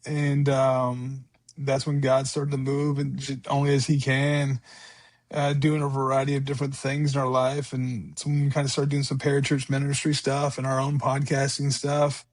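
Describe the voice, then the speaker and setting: A man's voice: mid-range voice, monotone, normal speed, no room sound. A man in his forties, a podcast guest, telling his story in an earnest, conversational way, repeating words and quoting himself aloud. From California.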